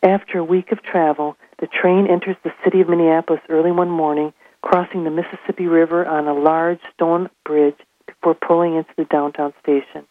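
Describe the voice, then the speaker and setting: A woman reading aloud from her own novel in a steady, measured narration. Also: low-pitched, no echo. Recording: tinny phone line.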